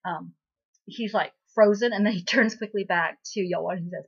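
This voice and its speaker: A woman's voice: mid-range voice, moderate pace, husky. A woman hosting a casual spoken recap of a drama episode, chatty and full of fillers and asides. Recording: slightly muffled lo-fi recording.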